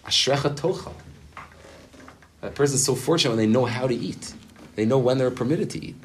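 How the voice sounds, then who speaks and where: A man's voice: medium pitch, fairly quick, slight background noise. A man, a rabbi, gives a spontaneous Torah talk to a gathering, speaking casually and rambling with many fillers and Hebrew terms. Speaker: rabbi teaching a weekly gathering. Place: group gathering in a room.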